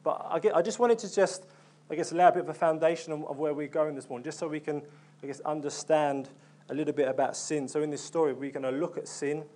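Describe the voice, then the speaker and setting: Young male preacher, earnest, conversational delivery, slightly higher voice, plenty of fillers and restarts. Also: fairly even intonation, fast, dark tone. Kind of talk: sermon.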